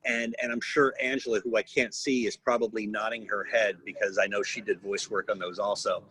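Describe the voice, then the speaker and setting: On a low-quality recording, this voice actor in his fifties speaks with a lowish, husky, slightly bright voice, fairly even intonation, and a somewhat fast pace. As a guest in a casual interview over video call, he wanders through anecdotes, laughing and starting over frequently.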